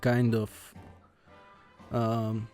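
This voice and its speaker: A man with a soft, mellow voice talks through a computer game as he plays. He reads its text aloud without doing voices and stumbles often, filling pauses with "uh". Quiet game music sits faintly underneath. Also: fairly low pitch, monotone. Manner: hesitant, halting with many uh fillers and restarts; plain reading without character voices. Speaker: let's play host. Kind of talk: gameplay commentary, reading game text aloud.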